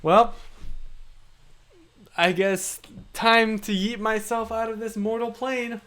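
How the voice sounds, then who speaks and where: During a casual livestream, the young host reads out viewer comments and responds playfully, poking fun at himself. He has a high, slightly bright voice.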